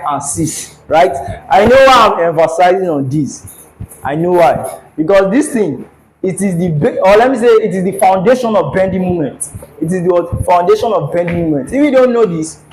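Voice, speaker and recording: High-voiced man teaching a class. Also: animated, normal speed, slight background noise, low-quality recording. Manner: repeats questions for students to answer. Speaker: lecturer. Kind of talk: classroom engineering lecture. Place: classroom with a board.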